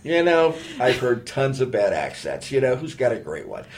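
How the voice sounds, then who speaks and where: A man chatting casually as a guest, animated and quick to laugh. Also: mid-range voice. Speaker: guest actor. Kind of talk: casual chat.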